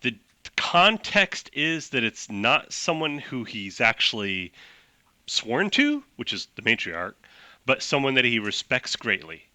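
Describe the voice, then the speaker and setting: Game master, man, animated and rambling; bright, lively pitch. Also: unhurried, no echo. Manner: rambling, laughing, lots of "like". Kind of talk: narrating a tabletop game.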